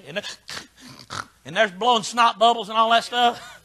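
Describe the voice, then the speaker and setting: An older man preaching a folksy Baptist sermon in short punchy lines that swing from quiet asides to shouting. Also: very high voice, moderate pace. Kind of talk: fiery sermon.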